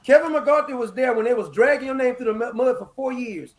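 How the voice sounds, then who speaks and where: A man's voice: very high voice, fairly quick. A man talking in a casual political chat on a live stream, blunt and profane, mocking and laughing often. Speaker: political commentator. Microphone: live stream microphone.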